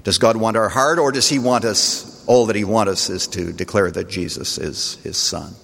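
A man preaching a sermon as pastor, speaking earnestly and letting his voice swell on key phrases, then drop low and soft. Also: moderate pace, creaky, hardly any pauses, in a large hall.

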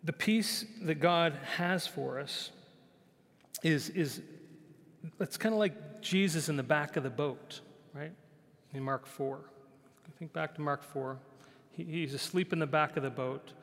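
A male pastor preaching a conversational sermon. He repeats phrases, often asks "right?", and sometimes drops to a soft, quiet voice. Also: on the high side, unhurried, long pauses. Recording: long hall reverb.

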